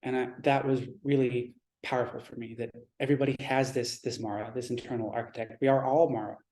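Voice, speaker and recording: A man giving a Zen dharma talk in a reflective, measured way, pausing and restarting his thoughts. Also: medium pitch, little pitch movement, darkish tone.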